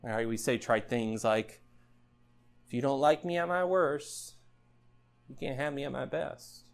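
A man preaching a sermon in an earnest style, building up loud passages and then dropping low and quiet. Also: unhurried, gravelly. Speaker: pastor.

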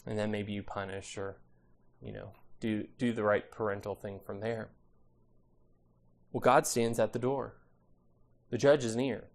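A man's voice: lowish voice, fairly even intonation, measured pace, creaky, long pauses. A male pastor preaching an expository sermon, emphatic and repetitive, often adding "right?".

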